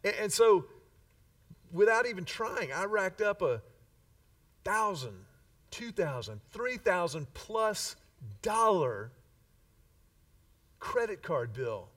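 Pastor guy preaching, folksy, kinda high voice, sounds a bit far from the mic. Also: big pitch swings, fairly bright tone. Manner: folksy storytelling, emphatic slow phrasing on key words. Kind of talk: sermon.

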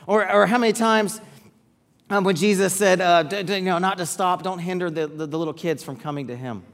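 A man preaching a sermon to parents, repeating key words for emphasis and letting phrases trail off softly. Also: sits high, fairly quick, gravelly.

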